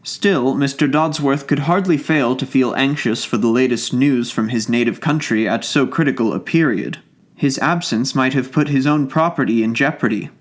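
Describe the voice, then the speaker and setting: Male audiobook narrator, measured and formal, medium pitch. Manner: measured, formal literary reading. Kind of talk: scripted narration of a classic story.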